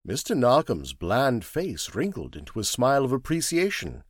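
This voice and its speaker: A man narrating an audiobook in a measured, expressive way. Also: medium pitch, no room sound, clean studio sound.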